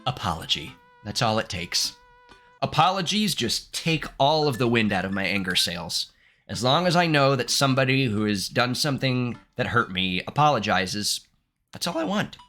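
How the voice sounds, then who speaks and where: A man in his thirties doing let's play commentary, reading game text aloud, animated and candid, laughing often. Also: mid-range voice, normal speed, soft background music. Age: 30s. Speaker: gaming streamer.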